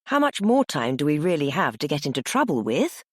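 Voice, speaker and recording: A chatty, irreverent woman in her sixties, read by a woman narrator, her voice husky and low. She speaks matter-of-factly, swinging up in lively bursts in a dry, close-sounding recording. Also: a little fast, dry recording, heavily acted. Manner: matter-of-fact, excitable.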